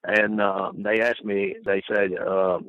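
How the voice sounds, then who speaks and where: An older man, a podcast guest, telling long rambling stories full of fillers and mimicking the people he quotes in high voices. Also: little pitch movement, takes it slowly, no echo, highs cut off. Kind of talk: storytelling interview.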